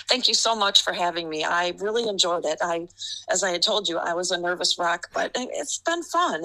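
A middle-aged woman with a low-set, gravelly voice and a bright, forceful edge tells stories as a guest on an interview podcast. She laughs often as she talks, and her delivery stays animated. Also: low-quality recording. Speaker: basketball referee guest. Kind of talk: storytelling interview.

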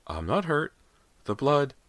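A man's voice: fairly high pitch, sing-song, measured pace, a bit bright, no echo, voice pushed up. A man voicing a frightened, shaky mother. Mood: shaken. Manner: shaky, pleading. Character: frightened middle-aged mother, woman.

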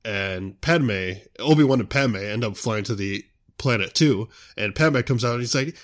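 A man's voice: on the low side, unhurried. A young man hosting his own show, chatting casually and rambling a lot. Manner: rambling, full of "you know" fillers. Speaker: show host. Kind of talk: casual solo chat.

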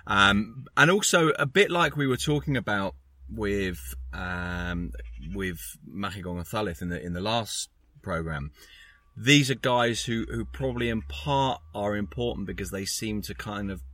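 A man's voice: fairly low pitch, unhurried, bright, forceful tone, dry recording. A man talking football on a podcast in a discursive way, often restarting his sentences. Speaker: podcast pundit.

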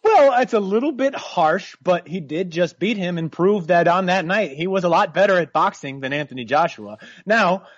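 A man's voice: high voice, expressive, moderate pace, few pauses, no room sound, muffled recording. A man from New York co-hosting a casual boxing chat, wry and talkative. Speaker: co-host.

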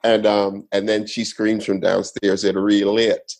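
Gravelly laid-back male comedian storyteller. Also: fairly low pitch, little pitch movement, unhurried, a little mellow, poor audio. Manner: laid-back storyteller, acts out other people's lines. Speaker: comedian guest. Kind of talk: casual storytelling on a podcast.

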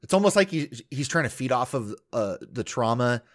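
A man's voice: mid-range voice, very animated, moderate pace. A man co-hosting a podcast, recapping a reality show in rambling casual chat full of fillers and laughs. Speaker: podcast co-host.

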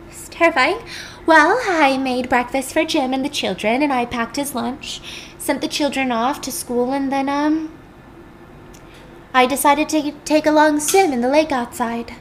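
A woman voicing an unhinged, grieving housewife who swings wildly between bright chatter and panic. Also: unhurried, a little hiss or hum. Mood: frantic. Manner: shrill, erratic, wild swings.

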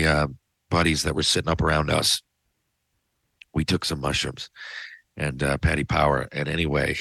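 A man's voice: rumbling low, vocal fry, fairly bright tone, dry recording. A middle-aged man hosting a podcast, telling a casual, rambling story full of fillers, swearing and asides to listeners. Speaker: podcast host. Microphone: podcast studio mic.

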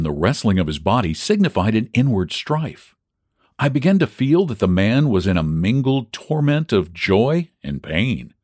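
A man's voice: fairly low pitch, a little mellow, no echo, studio quality. A man narrating a story as an audiobook reader, reading it expressively and calling out the crowd's cries. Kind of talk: scripted narration of a classic baseball story.

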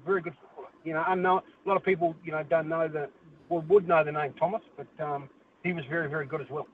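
A man's voice: fairly high pitch, steady tone, quick pace. A man with a New Zealand accent calling a radio show, saying "mate" constantly and restarting often. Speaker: caller. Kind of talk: casual phone-in chat. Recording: tinny phone line with hiss.

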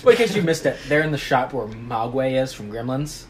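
A woman's voice: very deep voice, a little fast, a little hiss or hum. A woman casually recapping a book on a podcast, joking and putting on voices for the characters. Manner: animated, jokey, puts on voices for characters. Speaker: podcast co-host recapping a novel. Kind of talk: casual chat, playful storytelling.

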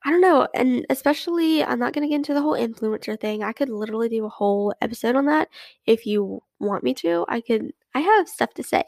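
A woman's voice: on the high side, expressive, quick pace, vocal fry, darkish tone, no echo. A young woman hosting a casual solo podcast, chatty and rambling, full of fillers and restarts. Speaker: podcast host.

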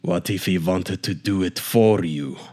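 A man voicing a creepy grown man, reading chat messages slowly in a leering, vampire-like accent. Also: sits low, dark tone. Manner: slow, drawn-out, leering delivery with an accent likened to a vampire's.

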